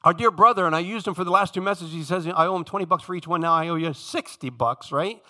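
Animated preacher with a bright voice. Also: male voice, fast. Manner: animated, shifts from low hush to shouting; addresses congregation directly, acts out quoted speakers. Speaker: pastor. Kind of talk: sermon.

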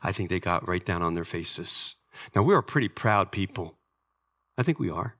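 An American man, a pastor, preaching a sermon in a church sanctuary, emphatic and building to near-shouts at his peaks. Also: low-pitched, animated, normal speed. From United States.

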